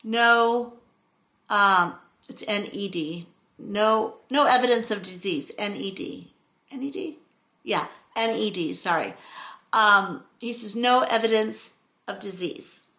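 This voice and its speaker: A middle-aged woman telling a story to her camera in an unhurried, drawn-out way, rambling and expressive. Her voice is bright and forward. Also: mid-range voice. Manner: rambling, expressive, acts out quotes with exclamations. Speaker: vlogger.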